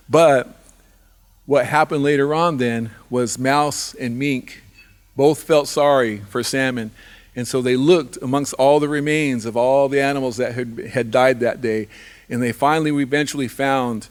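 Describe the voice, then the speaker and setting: A man telling a traditional animal story live, in a repetitive rhythmic way with restarts. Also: medium pitch. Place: live fundraiser event.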